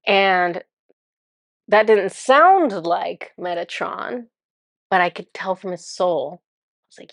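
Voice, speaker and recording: Amused, chatty woman with a lowish voice. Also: animated, slow, long pauses, fairly bright tone, no room sound, clean studio sound. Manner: chatty and amused, laughs often while recounting. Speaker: spiritual channeler. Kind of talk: casual storytelling to camera.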